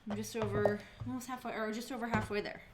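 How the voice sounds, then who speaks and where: A woman's voice: medium pitch, flat delivery, quick pace, heavy background noise. A woman streamer chatting casually with viewers while cooking in her home kitchen, answering chat and swearing freely.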